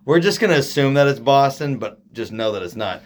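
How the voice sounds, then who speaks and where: A man's voice: medium pitch, lively intonation, a little fast, slight background noise. Rambling, joking podcast co-host man. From Oregon. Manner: rambling, joking, trails off mid-sentence. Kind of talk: casual chat.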